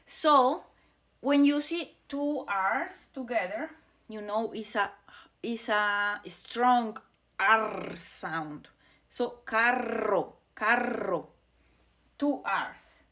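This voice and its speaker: A woman teaching Spanish pronunciation, repeating each sound slowly as she demonstrates it. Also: on the high side, animated, a bit bright. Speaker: language teacher. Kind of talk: pronunciation lesson.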